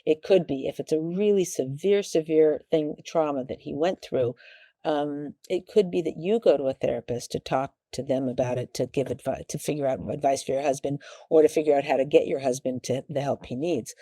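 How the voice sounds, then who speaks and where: Mellow-voiced rambling woman advice host. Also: deep voice, no room sound, clean studio sound. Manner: rambling, halting, acts out quoted lines. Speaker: talk show host giving marriage advice. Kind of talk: casual advice talk.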